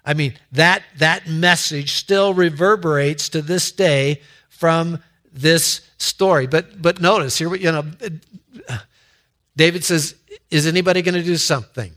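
Male pastor, sermon storyteller, bright tone, unhurried with frequent restarts. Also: on the high side. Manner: storytelling with asides, halting restarts.

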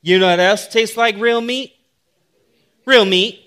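A man's voice: sits high, fairly even intonation, normal speed, a bit bright, smooth. A man preaching a sermon in a conversational, humorous way that builds to emphatic points.

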